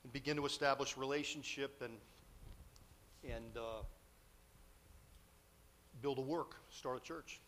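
A man telling a lively personal story in a sermon, acting out the dialogue as he goes. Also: mid-range voice, unhurried, pauses often, slight background noise. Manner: animated storyteller, acts out quotes, grows loud and excited.

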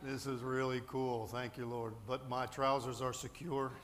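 A man's voice: medium pitch, little pitch movement, moderate pace, noisy background. A man preaching a sermon from a church pulpit, telling a story with lots of fillers and restarts. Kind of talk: sermon with anecdote.

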